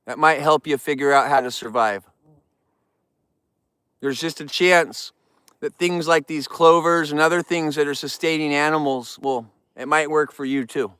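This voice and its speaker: A man's voice: a little high, steady tone, moderate pace, fairly bright tone, clear, resonant tone, dry recording. A man hosting a casual live vlog outdoors, talking straight to viewers in an upbeat, rambling way. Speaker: outdoor livestream host. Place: outdoors in the wild.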